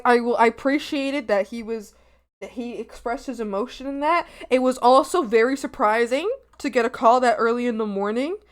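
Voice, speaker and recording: A young adult woman chatting casually on a live stream, animated and laughing often as she talks with viewers. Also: fairly high pitch, clear, resonant tone. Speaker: art streamer.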